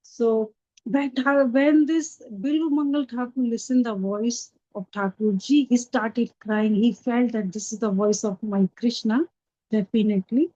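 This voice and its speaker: A woman, a spiritual teacher telling a devotional story in earnest, unhurried narration with simple phrasing. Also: on the high side, fairly even intonation, dark tone. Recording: dull lo-fi recording.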